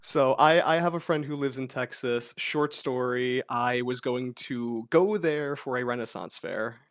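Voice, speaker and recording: A man from New Jersey with a New Jersey accent, a game master telling lively, joking stories on a casual podcast. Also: mid-range voice, measured pace, clean tone. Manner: lively storyteller, animated and joking.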